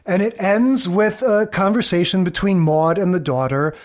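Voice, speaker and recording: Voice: mid-range voice, normal speed. A podcast co-host in a casual chat, giving thoughtful, reflective commentary on an old sitcom and agreeing often.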